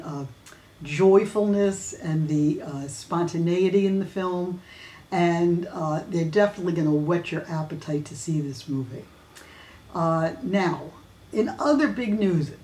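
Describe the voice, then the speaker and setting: Her voice sits fairly low with a darkish tone as she hosts a weekly fan news videocast. She talks in a chatty, casual way, full of fillers and restarts, and the audio has a roomy echo.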